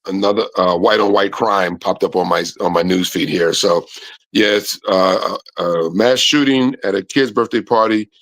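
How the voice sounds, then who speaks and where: A man co-hosting a casual podcast, sharing news in a halting way and often repeating words. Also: low-pitched, fairly bright tone, dry recording. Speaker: podcast co-host. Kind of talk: casual chat.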